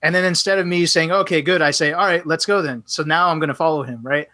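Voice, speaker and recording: A man's voice: fairly high pitch, fast talker, no echo. A man on a podcast, casually telling a long story and acting out both sides of the dialogue. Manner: animated, acts out both sides of quoted dialogue. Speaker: podcast guest.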